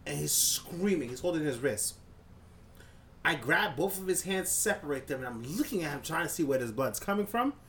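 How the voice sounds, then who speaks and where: Male podcast co-host, animated storyteller with a lively pitch, swears freely, faint noise behind. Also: normal speed. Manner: animated, profane, acts out scenes with sound effects. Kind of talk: casual storytelling chat.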